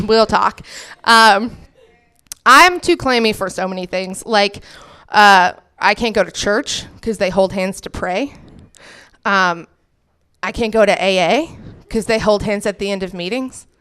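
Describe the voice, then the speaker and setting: A woman's voice: medium pitch, pushed and bright, smooth. A young woman doing a stand-up comedy set, chatty and self-mocking, acting out the people she quotes.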